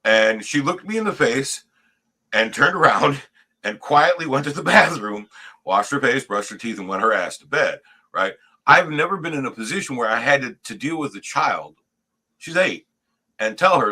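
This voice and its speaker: Middle-aged guy telling a story, swears a lot, bright forceful voice, keeps saying right?. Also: mid-range voice, moderate pace, husky. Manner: profane, animated storyteller, says "right?" often. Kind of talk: casual storytelling chat.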